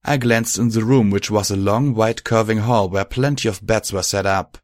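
A man reading fan fiction aloud as an audiobook narrator in a steady storytelling manner. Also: lowish voice, normal speed, dry recording, clean studio sound.

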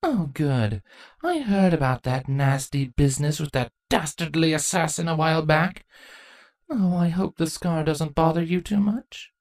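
A woman voicing a scheming older female changeling queen who speaks slowly with fake cheer, in a fan fiction reading. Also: low-pitched, expressive, a little mellow, no room sound, pitched above the performer's own voice. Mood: mock sweet. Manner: slow, drawn-out fake cheer.

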